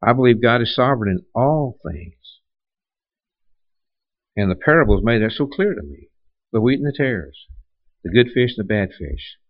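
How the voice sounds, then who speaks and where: A man's voice: mid-range voice, sing-song, normal speed, pauses often, no room sound, lo-fi sound. A man preaching a sermon in a conversational way, with rhetorical questions and many restarts. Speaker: pastor.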